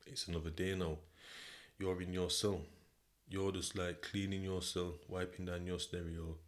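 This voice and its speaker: A man's voice: low-pitched, level tone, unhurried. A British man hosting a podcast, telling a story in the second person in a casual, slang-heavy way. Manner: slang-heavy, conversational, repeats "do you know what I mean". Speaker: podcast host.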